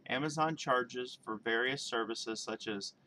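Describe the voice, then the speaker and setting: A man's voice: medium pitch, unhurried, bright, forceful tone, slight background noise. A man vlogging, reading a news story aloud and breaking off into rambling, chatty asides and self-corrections.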